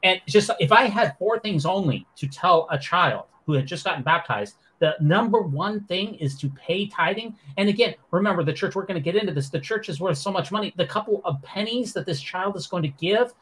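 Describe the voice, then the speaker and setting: A man's voice: sits high, animated, a bit bright, slightly rough. A man hosting a podcast, running through the news with sarcastic commentary. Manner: sarcastic, fast-talking. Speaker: podcast host.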